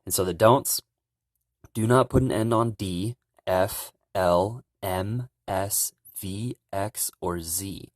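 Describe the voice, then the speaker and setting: A young man giving a relaxed, casual language lesson, calmly explaining pronunciation. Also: lowish voice, dry recording, clean studio sound. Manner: relaxed, repeats sounds slowly and loudly to demonstrate. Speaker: language teacher.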